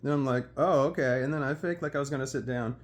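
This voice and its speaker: A man casually telling a personal story, animated and acting out what others said. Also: medium pitch, rapid-fire. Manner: animated, quotes others in dialogue.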